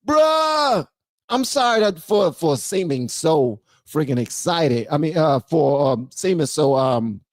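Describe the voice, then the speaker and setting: A streamer reacting to a clip in casual, slangy commentary, excitable and often cutting in. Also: medium pitch, measured pace, hardly any pauses, dry recording, clean studio sound.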